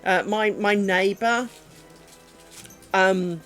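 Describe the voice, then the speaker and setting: A woman streaming while she crafts at home, chatting in a rambling way and dropping to a soft, low voice when she talks to her dogs. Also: fairly even intonation, extremely slow, faint music behind. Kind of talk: casual chat while crafting.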